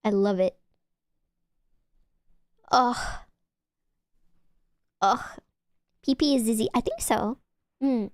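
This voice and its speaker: A young woman streamer rambles and teases her chat, often giggling. Her voice sits a little high. The sound is close and dry. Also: takes it slowly, pauses often, darkish tone, no echo. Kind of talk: casual chat with viewers.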